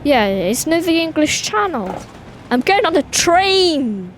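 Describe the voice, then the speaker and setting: A woman with a Welsh accent chatting excitably to viewers while playing a driving game. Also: sits high, measured pace. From Wales. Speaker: gaming video host. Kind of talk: casual gameplay commentary. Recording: game engine noise behind voice. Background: truck and vehicle sounds from game.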